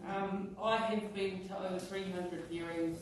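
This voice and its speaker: Halting high-voiced commissioner in echoey hall. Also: male voice, level tone. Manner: halting, many fillers and restarts. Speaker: independent hearing commissioner. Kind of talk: closing remarks at a public hearing. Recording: echoey hall from far off with noise.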